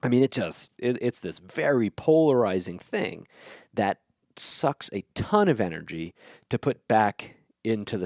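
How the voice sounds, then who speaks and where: A man's voice: fairly low pitch, darkish tone, no room sound, studio quality. A man hosting a podcast, talking through ideas in a casual, blunt way, swearing freely and checking in with "okay?" and "right?". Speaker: podcast host. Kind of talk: casual explanatory monologue.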